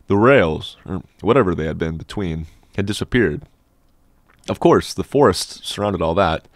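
A man narrating a classic novel as an audiobook in a measured, steady storytelling manner, close on a studio mic. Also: low voice, no echo. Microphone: dynamic studio microphone.

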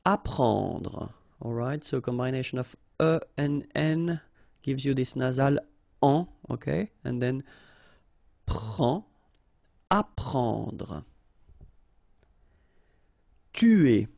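A male French teacher with a French accent walks through words at a slow, patient pace. His voice is dark and gravelly, recorded dry and close. He repeats each sound with short explanations. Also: mid-range voice, lively intonation, dry recording. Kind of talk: slow vocabulary lesson, spelling out sounds.

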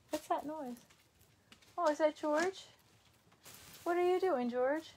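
Young new girl rambling thru live comments at home, kinda high voice. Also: takes it slowly, pauses often, a little mellow. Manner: chatty, rambling, frequent ums and laughs. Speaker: vlogger reading live comments. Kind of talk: casual live-stream chat. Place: her home.

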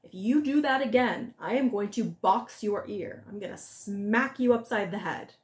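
A woman voicing a hot-tempered male devil who demands answers gruffly, in a storybook telling. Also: mid-range voice, moderate pace, close to an everyday voice. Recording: echoey room.

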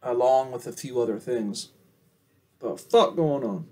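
A young man rambling casually to camera in a profane vlog, swinging between loud outbursts and low mumbles. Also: measured pace. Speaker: vlogger.

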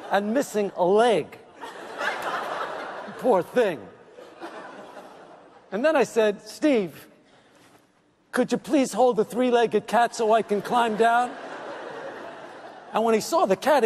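Brief: high-voiced, whiny male comedian roasting a friend at an awards tribute, echoing theater, laughing crowd. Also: slight background noise. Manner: whiny, kvetching, mock-apologetic. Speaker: comedian giving a tribute speech. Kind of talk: comic roast speech. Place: large theater at an awards event. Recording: reverberant theater hall with audience. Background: audience laughter.

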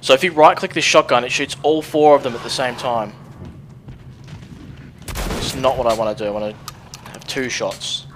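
Young man, let's play commentary, mid-pitched voice, excitable, swears, thinks aloud into a desk mic. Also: normal speed, long pauses, noisy background. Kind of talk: casual gameplay commentary.

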